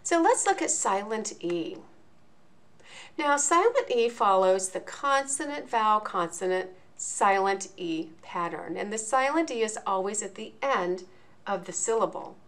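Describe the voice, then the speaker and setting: A woman teaching a lesson in a video, explaining each point slowly and enunciating clearly. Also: mid-range voice, lively intonation, a bit bright. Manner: slow, deliberate, clearly enunciated.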